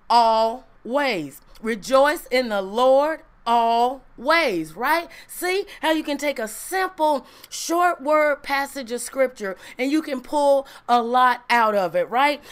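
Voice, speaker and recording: A woman's voice: high-pitched, fairly bright tone. A woman preaching a Bible lesson in a conversational way, asking questions and answering them herself, often adding "right?". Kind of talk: sermon, Bible teaching.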